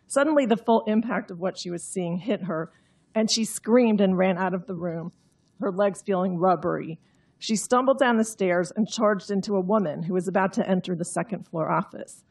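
A woman's voice: mid-range voice, normal speed, a little mellow, slightly rough. A woman reading her own novel aloud in an understated, droll way, then explaining the story. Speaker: author.

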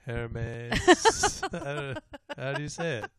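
A man's voice: a little high, wildly swooping pitch, moderate pace, a crowd in the background. A man co-hosting a music radio show, easygoing and jokey, laughing often in casual banter.

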